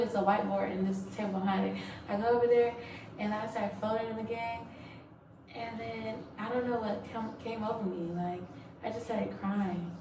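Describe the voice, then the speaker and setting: A young Navy recruit describes her boot camp experience to camera in a fairly high voice, casual and frank, full of "like" and "um" and free swearing. She's off-mic and distant in an echoey room with clear background noise.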